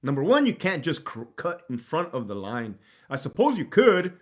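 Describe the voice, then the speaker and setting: A man's voice: on the high side, huge pitch swings, moderate pace. A man hosting a casual livestream, swearing freely and laughing as he talks to his chat. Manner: profane, laughing, reading chat aloud. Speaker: livestream host.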